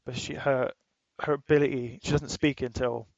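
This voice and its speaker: Casting note: man, podcast co-host, loose swearing chatter, flat tone, dry close sound. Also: medium pitch, moderate pace, gravelly, no room sound, lo-fi sound. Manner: rambling, swears freely, laughs while retelling. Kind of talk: casual chat.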